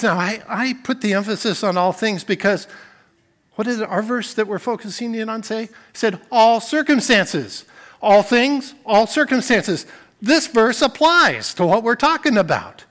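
A male pastor delivers a sermon in a high, light voice. He turns from soft, thoughtful passages to forceful emphasis. He repeats key phrases to drive them home. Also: animated, normal speed. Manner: swings between quiet reflection and emphatic preaching.

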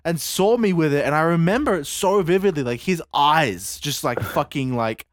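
Animated young man telling stories. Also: a little high, moderate pace, dry recording, studio quality. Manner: animated storytelling, heavy swearing. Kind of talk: casual chat.

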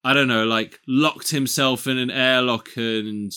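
An animated man co-hosts a podcast, excitedly recounting a film's plot and swearing freely. His voice sits mid-range and has a bright, forceful edge. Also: medium pitch, measured pace, clean tone. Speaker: podcast co-host. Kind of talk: casual film-review chat.

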